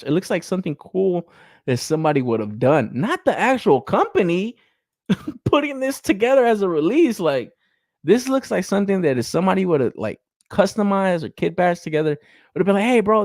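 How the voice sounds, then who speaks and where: A man's voice: high voice, a little mellow, no room sound, clean studio sound. A man co-hosting a casual podcast, talking bluntly and incredulously, laughing often and swearing freely. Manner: blunt, incredulous, laughs often, mocks others' hype in exaggerated voices. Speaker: podcast co-host reviewing action figures. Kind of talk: casual profane chat.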